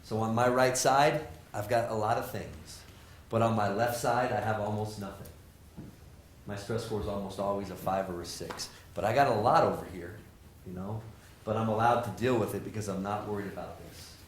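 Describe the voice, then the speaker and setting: A man, a professor, giving a lively motivational talk to students, joking and asking the audience questions. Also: on the low side, normal speed, slight background noise. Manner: animated, jokey, asks the audience questions. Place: lecture hall with audience. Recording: roomy hall sound.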